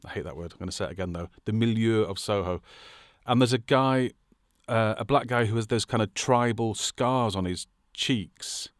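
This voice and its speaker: A man's voice: lowish voice, normal speed, dry recording, clean studio sound. A man from England co-hosting a casual film podcast, wry and thoughtful. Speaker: podcast co-host.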